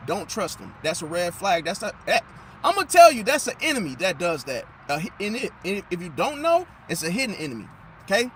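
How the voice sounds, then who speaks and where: A man giving an animated, emphatic astrology monologue and losing his voice. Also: high voice, a little fast, slight background noise. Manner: animated, emphatic, repeats "see?"; drops into mocking impressions of others. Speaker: astrology commentator. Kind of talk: casual monologue.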